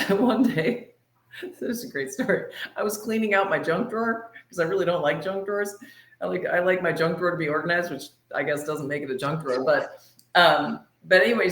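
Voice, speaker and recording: A woman telling a personal story on a podcast in a lively, laughing way. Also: on the low side, roomy sound. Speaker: podcast guest. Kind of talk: casual storytelling.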